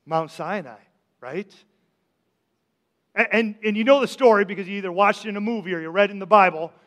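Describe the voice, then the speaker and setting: A male pastor preaches in a church sanctuary with a high, fairly bright voice and a fairly quick pace. He talks conversationally, puts questions to the congregation, and often repeats his words, while the hall's long reverb trails behind him.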